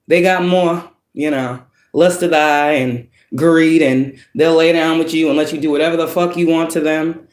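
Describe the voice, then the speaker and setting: A woman's voice: deep voice, fairly even intonation, moderate pace, hardly any pauses, darkish tone, roomy sound. A woman giving a spiritual tarot reading to viewers, talking in a blunt, profane, preaching way and firing off rhetorical questions. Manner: asks the listener many rhetorical questions. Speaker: spiritual reader.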